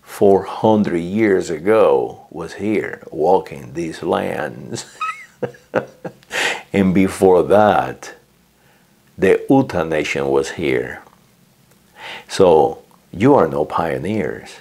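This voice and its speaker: Slow low-voiced man ranting. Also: animated, gravelly, darkish tone, husky. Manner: slow, hesitant, repeats words and says "uh" often; lectures with acted quotes. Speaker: vlogger. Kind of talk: political rant.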